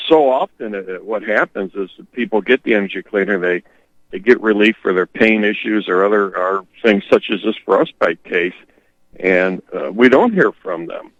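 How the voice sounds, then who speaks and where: A man who is a guest on a radio talk show, speaking in a steady, plain way. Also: on the low side, no room sound. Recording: dull lo-fi radio sound.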